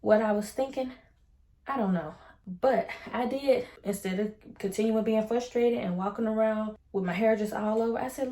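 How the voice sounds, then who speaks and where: A woman's voice: fairly high pitch, moderate pace, dark tone, reverberant. A woman vlogger talking casually about hair and faith, chatty and upbeat. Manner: chatty and upbeat, uses Southern US slang. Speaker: beauty vlogger. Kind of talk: casual chat with devotional talk. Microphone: ring light setup at home.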